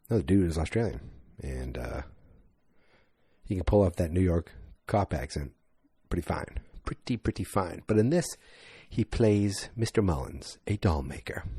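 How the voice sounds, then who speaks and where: A man's voice: low-pitched, mellow, slightly rough, dry recording. A man hosting a podcast, giving a casual, rambling movie review monologue that often corrects itself. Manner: rambling, self-correcting, chatty. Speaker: podcast host.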